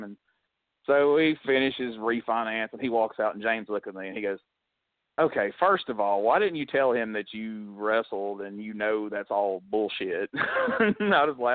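A man's voice: lowish voice, very animated, normal speed. A man tells a story on a wrestling podcast, breaking into quoted voices for the other people in it. The sound is thin and phone-like, with no room echo. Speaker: podcast co-host. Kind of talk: casual storytelling chat. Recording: dry, phone-like audio.

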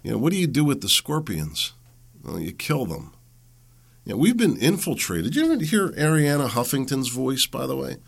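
A man's voice: mid-range voice, sing-song, moderate pace, creaky, breathy edge. A man hosting a podcast in a rambling, folksy solo talk, sick with a head cold. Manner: rambling and folksy, with frequent fillers. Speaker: podcast host. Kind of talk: casual monologue.

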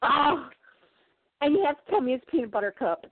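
A woman's voice: sits high, sing-song, fairly quick, no room sound. A woman co-hosting a casual podcast, chatting and rambling with fillers. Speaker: podcast co-host. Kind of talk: casual chat. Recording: tinny phone-like line, dry.

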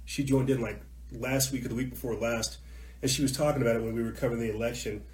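A man hosting a call-in talk show, ranting in a heated monologue. He repeats himself and swings from muttering to shouting, his voice mid-pitched. The room around him is echoey. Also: fairly even intonation, fast, slight background noise.

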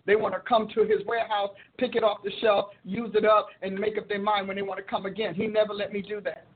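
A woman preacher and show host teaching in a sermon style, expressive and quick to laugh, acting out her prayers. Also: mid-range voice, breathy edge. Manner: expressive, acts out prayers and quotes, laughs often. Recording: tinny phone-like audio.

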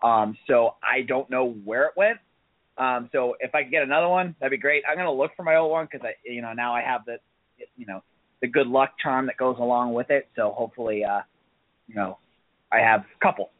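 A man co-hosting a sports talk show in a relaxed, rambling way with lots of fillers. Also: mid-range voice, brisk, dry recording. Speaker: co-host. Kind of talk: casual sports radio talk. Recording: dry, tinny phone-like line.

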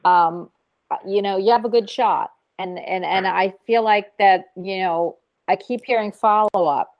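A woman hosting a casual call-in radio show, effusive and quick to laugh. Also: mid-range voice, no room sound, lo-fi sound.

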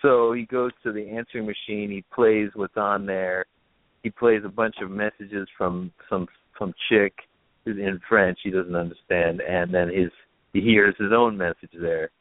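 A man's voice: lowish voice, steady tone, normal speed, no echo. A man casually retelling a film's plot in a rambling, filler-heavy way, as a podcast host. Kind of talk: casual film recap chat. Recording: tinny phone-like line.

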